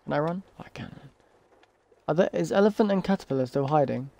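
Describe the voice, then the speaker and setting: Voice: mid-range voice, lively intonation, quick pace, gravelly, dark tone, no room sound. A let's play gamer, commentating a horror game in a jumpy way, talking to the game's characters. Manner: jumpy, talks to game characters, startled shrieks.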